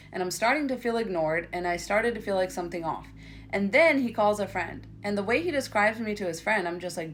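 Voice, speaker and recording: A woman giving emphatic, opinionated commentary on a reality show, reading out quotes and reacting to them. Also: medium pitch. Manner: reads quotes aloud, then opinionated and emphatic. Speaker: commentary creator.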